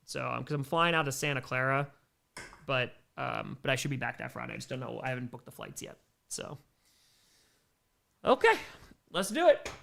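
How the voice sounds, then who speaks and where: Bright-voiced man calling live football. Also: mid-range voice, moderate pace, creaky, pauses often. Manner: casual, answers viewer chat between plays, bursts of excitement on big plays. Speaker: livestream play-by-play commentator. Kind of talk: live play-by-play and chat reactions.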